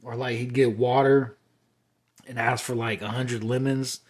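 Husky-voiced man rambling through a monologue. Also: mid-range voice, level tone, a little slow, a little mellow. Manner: rambling, confessional, many fillers. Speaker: podcast host. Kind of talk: solo podcast monologue.

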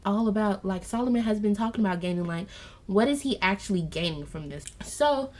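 A medium-pitched woman hosts a casual Bible study podcast, talking to her listeners, whom she calls y'all, in an earnest, preachy manner. She then shifts to reading scripture aloud slowly and softly.

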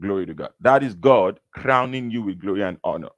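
A man preaching a sermon, reading Bible verses slowly and with emphasis, then explaining them. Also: fairly low pitch, expressive, no echo. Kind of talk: sermon teaching from scripture.

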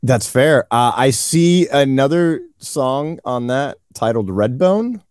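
A playful man talking as a podcast guest, trading jokes and quick asides in casual chat. His voice sits in a middle range and sounds close and dry, with no room around it. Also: medium pitch, lively intonation, a little mellow, smooth, no room sound.

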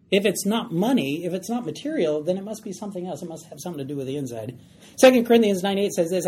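A man's voice: high-pitched, a little mellow. A man teaching a Bible study class, conversational and often checking in with the group. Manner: conversational, checks in with "all right?". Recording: faint background noise.

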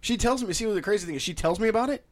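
A man's voice: high-pitched, rapid-fire. A man from South Georgia with a Southern accent, co-hosting a casual podcast, joking and laughing often. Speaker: podcast co-host. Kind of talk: casual chat.

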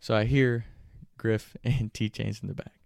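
A young man telling a story casually, animated and profane, often laughing mid-telling. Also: on the low side, unhurried, gravelly, dry recording, clean studio sound.

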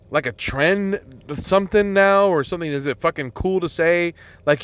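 A man sits alone behind his podcast mic, venting his grievances in a loose, rambling stream full of swearing and fillers. His voice sits a little higher than most men's, and the sound is dry with no room echo. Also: a bit bright. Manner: exasperated, heavy swearing, rambling with many fillers. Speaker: podcast host. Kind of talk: profane solo podcast rant.

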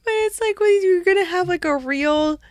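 A woman's voice: very high voice, a little mellow, no room sound, clean studio sound. A young woman co-hosting a casual chat, playful and joking in her replies. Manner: playful, joking, quick laughs. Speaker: podcast co-host.

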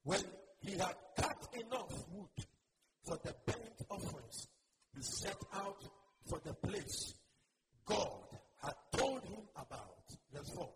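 A man's voice: sits high, very animated, takes it slowly. A male pastor preaching a sermon, calling on the congregation to repeat after him. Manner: preaching with call-and-response to the congregation. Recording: loud background noise.

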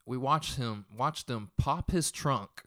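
A man's voice: mid-range voice, slow, a bit bright, dry recording, clean studio sound. A young man casually retelling a tense story in a profane, rambling way.

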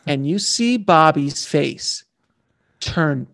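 Author guest, man, gravelly voice that sits a bit high, lively anecdotes in a dry close sound. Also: unhurried, long pauses, no echo. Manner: animated, slangy storyteller. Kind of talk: casual interview storytelling.

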